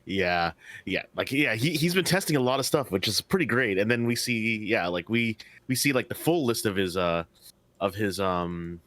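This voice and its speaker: A man with a fairly low voice co-hosting a relaxed podcast. His talk is full of fillers and easy laughter. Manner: filler-heavy, laughs often. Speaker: podcast co-host. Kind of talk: casual chat.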